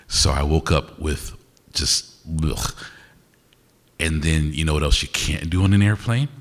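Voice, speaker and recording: A man with a rumbling, low and slightly bright voice performs live in a university auditorium. He jokes and trades call-and-response lines with the audience in stand-up style crowd work, and the reverberant hall carries the sound of a live event.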